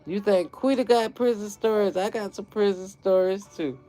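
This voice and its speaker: A woman's voice: mid-range voice, normal speed, warm tone. A woman hosting a gardening channel, chatting casually and profanely on a livestream and laughing often.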